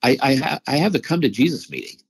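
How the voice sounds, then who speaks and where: Husky, animated middle-aged man telling a story. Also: medium pitch, fast, poor audio. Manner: animated, stammers and repeats words. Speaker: interview guest, psychologist and veteran. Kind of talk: conversational storytelling.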